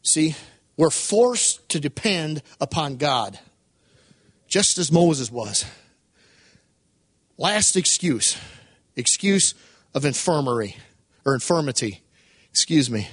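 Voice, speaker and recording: High-voiced male preacher, emphatic sermon. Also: sing-song, slow, pauses often, a bit bright, no room sound, studio quality. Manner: emphatic, rhetorical questions, dramatized retellings.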